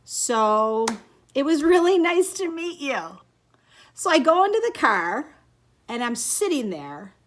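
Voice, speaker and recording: Middle-aged woman, storytelling vlog, lively pitch, bright tone, acts out dialogue. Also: slow. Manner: animated, acts out dialogue, swears casually. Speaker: vlogger sharing her experience. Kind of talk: casual storytelling to camera.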